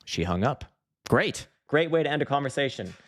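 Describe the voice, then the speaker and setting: A man's voice: medium pitch, very animated, normal speed, a bit bright. A man hosting a casual livestream, rambling, swearing freely and laughing often. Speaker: trading livestream host. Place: dim room at home.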